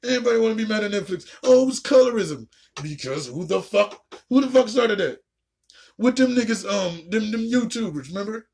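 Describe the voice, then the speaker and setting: A woman ranting casually and profanely while reacting to a show, with a raspy, gravelly voice. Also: mid-range voice, animated, brisk, a little mellow. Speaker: video reactor.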